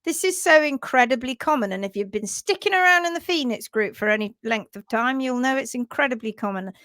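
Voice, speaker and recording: A woman's voice: fairly high pitch, animated, brisk, a bit bright, no echo. A woman hosting a casual livestream, upbeat and chatty, reading out viewer comments and teaching about hoof care.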